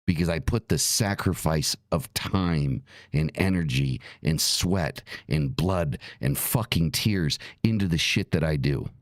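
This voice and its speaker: A man's voice: a bass voice, lively intonation, a little slow, hardly any pauses, no room sound, clean studio sound. A middle-aged man hosting a talk show, speaking bluntly and profanely in a heated, repetitive rant. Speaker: podcast host.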